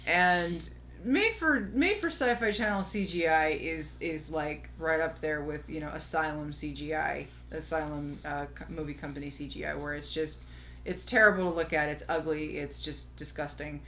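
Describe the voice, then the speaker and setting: A woman's voice: sits low, normal speed, pushed and bright, slight background noise. A woman co-hosting a casual podcast chat, making dry, sarcastic remarks. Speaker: podcast co-host.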